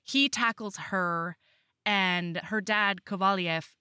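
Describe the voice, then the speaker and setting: A woman's voice: mid-range voice, slow pace, sharp tone, clean tone, dry recording, studio quality. A woman co-hosting a podcast, casually recapping a romance novel and acting out the characters' lines. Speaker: podcast co-host. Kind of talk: casual book recap chat.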